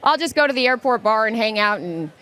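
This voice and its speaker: A woman in her forties, co-hosting a live podcast and answering listener questions in a quick, chatty way. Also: on the high side, expressive, pushed and bright, smooth, no echo. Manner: fast-talking, chatty. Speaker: podcast co-host. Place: live stage event.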